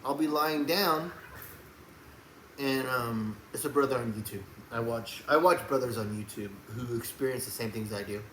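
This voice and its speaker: A man delivering a rambling faith monologue to camera, preachy and emphatic, often breaking into loud raised outbursts. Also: medium pitch, normal speed. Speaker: Christian video blogger. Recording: echoey room with faint background hum.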